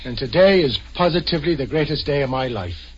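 A man's voice: a little high, expressive, brisk, slight background noise, natural voice. An actor playing a kindly, proud older foster father in a vintage radio drama. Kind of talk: 1940s radio acting. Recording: dull lo-fi old radio recording.

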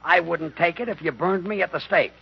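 A man's voice: on the high side, brisk, vocal fry, breathy edge. A man playing an exasperated, long-suffering straight man in a 1940s radio comedy. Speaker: comedian and co-host. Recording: dull 1940s radio broadcast.

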